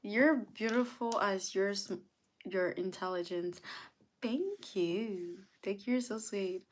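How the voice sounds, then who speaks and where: Greeting viewers by name and replying to their comments, a young woman chats casually while hosting a live stream. She speaks at a medium pitch and a slow pace.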